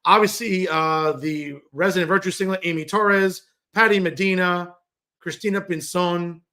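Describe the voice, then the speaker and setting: A man's voice: high-pitched, fairly even intonation, normal speed, pushed and bright. A male political commentator and show host delivering a combative, sarcastic opinion monologue, switching into Spanish mid-rant. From New Jersey.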